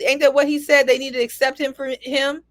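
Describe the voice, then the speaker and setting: A woman panelist with a higher voice lays out her opinion firmly and emphatically. The sound is dry and close. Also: flat delivery, fairly quick, dry recording. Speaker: podcast panelist. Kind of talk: casual panel discussion.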